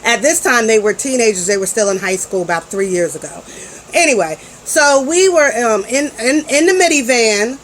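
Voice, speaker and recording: Woman in her forties, fairly high voice, slangy and chatty, telling a family story to camera over faint room noise. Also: lively intonation, moderate pace, fairly bright tone, poor audio. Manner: chatty and slangy, with frequent restarts. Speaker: parent vlogger.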